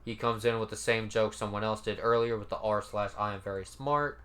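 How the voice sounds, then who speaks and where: A man's voice: fairly low pitch, fairly even intonation, brisk, fairly bright tone. A man giving casual, laid-back commentary as he reads out comments, cursing now and then and sounding mildly incredulous. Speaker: commentary YouTuber.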